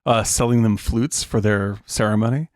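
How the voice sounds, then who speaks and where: A man co-hosting a movie podcast, chatting casually, animated and laughing often, with casual swearing. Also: fairly low pitch, moderate pace, no room sound, clean studio sound. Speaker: podcast co-host.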